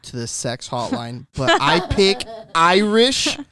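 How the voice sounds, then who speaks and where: A man's voice: a little high, very animated, slow, pushed and bright. A man from Miami hosting a podcast, boisterous and hyping things up. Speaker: podcast host. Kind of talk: casual chat.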